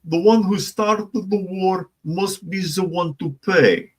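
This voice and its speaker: A man doing a mocking, high-pitched impression of a whiny wartime leader. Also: slow pace, husky, heavily acted.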